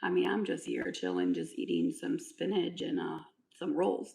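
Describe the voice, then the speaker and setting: A woman's voice: on the low side, big pitch swings, moderate pace, creaky, hardly any pauses, a little mellow, poor audio. A woman chatting casually on a livestream, answering comments in a sarcastic, mock-sweet way. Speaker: livestreamer with a son.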